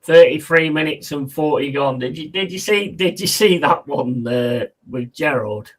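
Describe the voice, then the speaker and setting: A man with a mid-range voice talks at normal speed with few pauses while hosting a football watch-along. He's laddish and talkative, reading the chat aloud, answering it, and commenting casually on the match.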